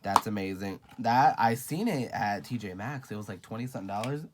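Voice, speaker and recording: A man with a slightly low voice chats through a casual makeup collection review. He is sassy and gushing, tosses out "honey" and "girl" to viewers, and swears without a second thought. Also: expressive, brisk, background noise. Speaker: beauty vlogger.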